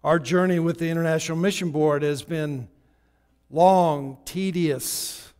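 A man preaching a sermon in a church, telling a story in a loose, conversational way with halting restarts. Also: fairly high pitch, steady tone, darkish tone. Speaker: guest preacher. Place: church sanctuary. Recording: long hall reverb.

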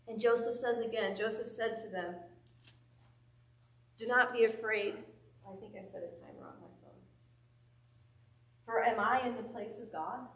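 A woman teaching a Bible study in an echoey church room, caught from some distance. Her voice sits on the higher side. She reads scripture aloud and drives her points home with questions to the group. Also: normal speed, long pauses.

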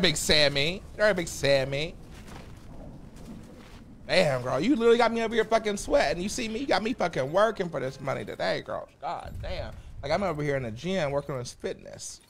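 A man streaming live, bantering with his chat in a loud, sassy, campy way and repeating phrases in bursts. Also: fairly high pitch. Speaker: livestreamer.

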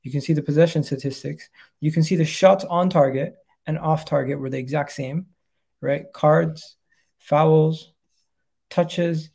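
Young guy hosting a football chat, gravelly and kinda mellow, laughs a lot. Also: a little high, fairly even intonation, unhurried. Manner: chatty, laughs easily, breaks into impressions. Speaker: football channel host. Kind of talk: casual chat.

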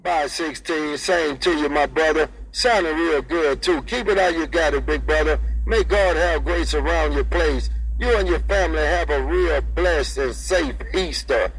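A man's voice: a little high, measured pace, few pauses, low-quality recording. A man chatting over CB radio in a sing-song, repetitive rhythm, repeating call signs and friendly sign-offs. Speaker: CB radio operator. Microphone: CB radio handset.

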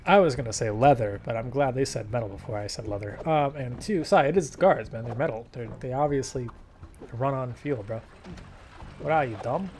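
A man's voice: mid-range voice, a little fast, slight background noise. Jokey man commenting on gameplay. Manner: jokey, animated, mock-British asides. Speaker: let's play host.

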